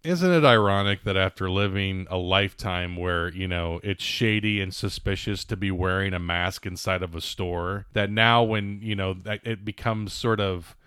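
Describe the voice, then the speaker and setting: A man with a fairly low, smooth voice trades wry jokes in a casual news chat. He muses aloud, hedging with plenty of fillers. The sound is close and dry. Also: moderate pace, few pauses, a bit bright, no room sound. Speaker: podcast co-host.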